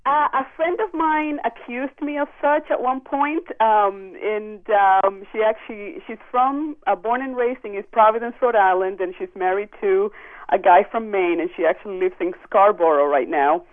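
A woman's voice: mid-range voice, moderate pace. Woman caller on a tinny phone line. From Dominican Republic. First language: Spanish. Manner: chatty, frequent ums and laughs. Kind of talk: casual call-in chat.

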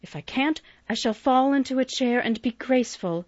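A woman voicing a spoiled, self-important young girl in a storybook, with a high, fussy, affected manner. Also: moderate pace, no echo, lo-fi sound.

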